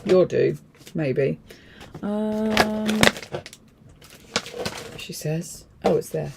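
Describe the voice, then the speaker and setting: Chatty woman with a gravelly voice. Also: lowish voice, very slow, very noisy. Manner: rambling, chatty, self-deprecating, thinking aloud. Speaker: craft livestream host. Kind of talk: casual crafting demonstration.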